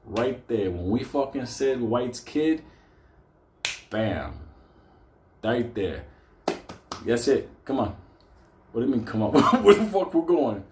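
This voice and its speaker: A man's voice: medium pitch, sing-song, slow, pauses often, a little mellow, a little hiss or hum. A man telling a story casually, rambling, laughing and swearing a lot. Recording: roomy echo.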